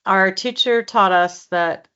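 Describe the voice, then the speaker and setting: A woman from California working as a dialect coach, explaining ideas in a measured, encouraging way. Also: mid-range voice, bright, forceful tone, smooth. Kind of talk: one-on-one coaching session. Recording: dull lo-fi recording.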